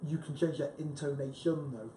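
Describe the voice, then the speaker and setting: A man's voice: normal speed, dark tone. A man, a book club panelist, chatting emphatically about sales with frequent restarts. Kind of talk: casual discussion. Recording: echoey room with faint rumble.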